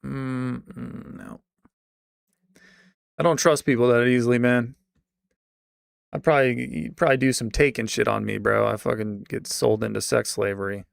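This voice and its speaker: A man streaming and chatting casually, rambling with restarts and trailing off into quiet mumbles. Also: medium pitch, fairly even intonation, moderate pace, gravelly, pauses often, smooth, dry recording, studio quality. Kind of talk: casual livestream chat.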